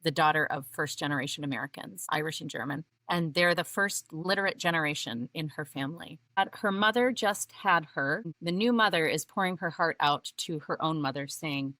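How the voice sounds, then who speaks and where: A woman's voice: sits low, moderate pace, hardly any pauses, bright, forceful tone, no room sound. A middle-aged woman co-hosting a podcast, talking earnestly and reading book passages aloud. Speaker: podcast co-host. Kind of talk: casual podcast conversation with read-aloud passages.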